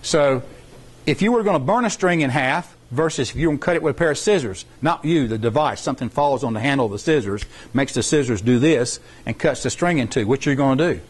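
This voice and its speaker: A middle-aged man leads a science competition workshop in a folksy, rambling way. He circles back and repeats his points to make them stick. His voice sits at an ordinary middle pitch. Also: expressive, quick pace, breathy edge. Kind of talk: informal classroom explanation.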